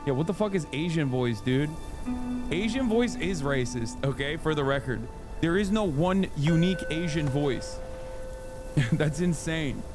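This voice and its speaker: A man in his thirties with a slightly high voice riffs casually while he plays a video game, cracking jokes and answering his chat. Loud game music plays under his voice. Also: animated, measured pace. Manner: joking, talks to chat. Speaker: streamer host. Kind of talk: casual gameplay commentary.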